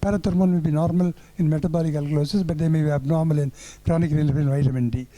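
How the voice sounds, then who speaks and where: Older man, Tamil Indian English accent, high-pitched, mellow tone, storytelling medical lecture, repeats himself for emphasis. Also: steady tone, racing, low-quality recording. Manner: storytelling, repeats phrases for emphasis, chuckles at own anecdotes. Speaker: neurologist lecturer.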